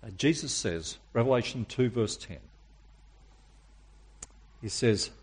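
A man preaching a sermon, emphatic and using dramatic pauses and rhetorical questions. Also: mid-range voice, lively intonation, husky.

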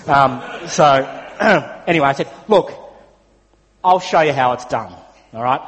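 A man's voice: a little high, animated, unhurried. An Australian man preaching a sermon, telling a personal story in a chatty way with frequent fillers. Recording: long hall reverb.

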